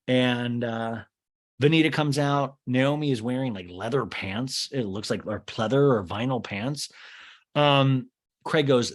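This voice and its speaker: A young man hosting a casual comedic recap, acting out quotes in exaggerated, higher put-on voices. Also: a little slow. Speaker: podcast host recapping a reality show.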